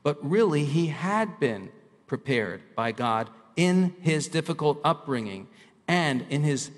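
A man's voice: a little high, very animated. Emphatic male preacher in a reverberant hall. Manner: emphatic, slows down to stress key lines. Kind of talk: sermon.

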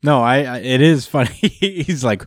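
A man's voice: mid-range voice, measured pace, no room sound. Laid-back man recapping a comic, dry sound. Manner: relaxed, rambling, acts out characters with put-on voices and laughs. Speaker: comic book podcast co-host. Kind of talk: casual chat recapping a comic.

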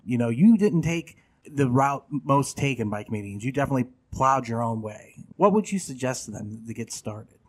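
A male interviewer and beginning comedian asking relaxed, easygoing questions. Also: medium pitch. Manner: relaxed questions with short affirmations. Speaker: podcast interviewer, new comedian. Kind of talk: casual interview.

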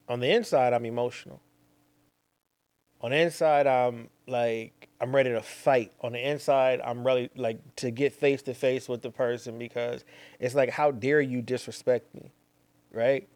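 A man's voice: medium pitch, steady tone, measured pace, pauses often, a little mellow, no echo. A young man, hosting a podcast and telling a rambling personal story with slangy asides and repeated phrases. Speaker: podcast host. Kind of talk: casual storytelling monologue.

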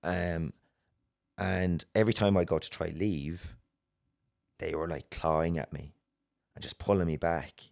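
An Irish man telling a personal story as a podcast guest, earnest and halting, with many restarts. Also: low-pitched, fairly even intonation, creaky, darkish tone. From Ireland.

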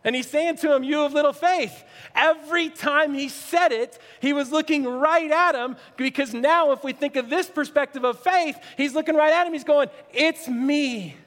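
A male pastor preaching a sermon with earnestness, swinging from near-shouts to hushed, low asides. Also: normal speed. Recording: long reverb, echoey hall.

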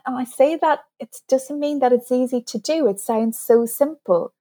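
In an interview, a female author with a high-pitched, mellow voice talks at a normal speed about communication skills, sincere but occasionally chuckling at her own expense.

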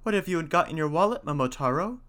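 A man voicing a shrill pheasant in a storybook, clipped and bird-like. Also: lively intonation, fast talker, fairly bright tone.

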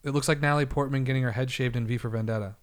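A man's voice: mid-range voice, fairly even intonation, rapid-fire. A man co-hosting a podcast, bantering in a joking, stubborn way. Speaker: podcast co-host. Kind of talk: casual banter.

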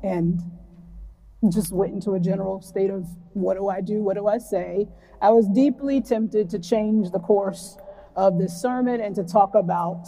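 Woman preacher, earnest and reflective, warm low-bright tone, mid pitch, reverberant sanctuary sound. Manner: reflective, earnest, reads scripture slowly. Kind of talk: sermon with scripture reading. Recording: long hall reverb.

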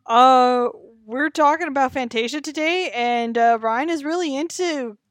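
Teasing woman co-host, a touch high, very dry close recording. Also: unhurried, no echo. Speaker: podcast co-host. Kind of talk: casual podcast chat.

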